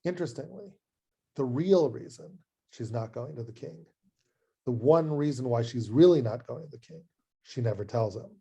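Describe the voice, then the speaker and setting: A man, a rabbi, giving an adult education lecture in an animated, conversational way that acts out scenes. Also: mid-range voice, moderate pace, creaky, husky. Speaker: rabbi and teacher.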